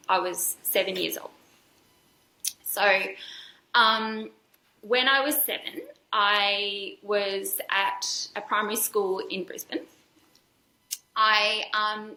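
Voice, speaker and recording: Woman, podcast guest, bright and slightly high, candid personal story, roomy echo. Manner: candid, earnest, with frequent fillers and restarts. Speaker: podcast guest, dance school founder.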